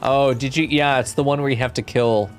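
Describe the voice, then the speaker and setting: A man casually chatting while streaming a game, relaxed and chatty, with occasional swearing. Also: mid-range voice, a little fast, soft background music. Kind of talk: casual let's-play chat.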